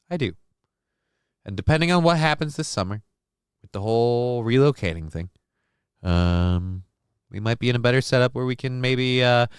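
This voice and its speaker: A man hosting a live talk show, rambling and joking, with loud bits and quiet asides. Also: mid-range voice, clean tone, no echo, studio quality. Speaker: show host. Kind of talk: casual live-show chat.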